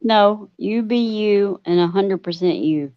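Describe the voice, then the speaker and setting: Woman with blunt, quick reactions, lo-fi. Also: medium pitch. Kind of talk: casual group chat. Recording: dull lo-fi, dry sound.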